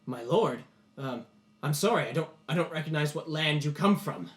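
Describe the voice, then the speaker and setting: A man's voice: a little high, lively intonation, moderate pace, close to an everyday voice. A man voicing a nervous village father who stammers deferentially.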